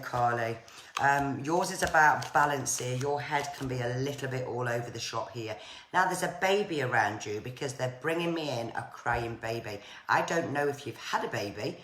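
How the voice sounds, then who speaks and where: Woman giving psychic readings, roomy. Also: a bass voice. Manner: gentle, repetitive, pads phrases with "here" and "there". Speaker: psychic medium. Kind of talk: live-streamed card and spirit readings. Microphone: phone or webcam on a live stream. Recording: roomy echo, faint noise.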